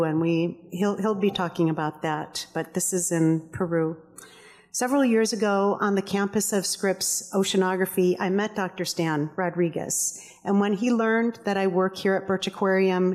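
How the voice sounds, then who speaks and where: A woman reading speaker introductions at a public event in a measured, formal way, as host and co-curator. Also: medium pitch. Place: aquarium event hall. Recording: long reverb of a hall.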